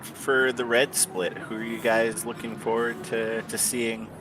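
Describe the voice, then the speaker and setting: A man asking questions as a co-commentator on an online racing stream, relaxed and casual. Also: medium pitch, unhurried. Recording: noisy stream audio.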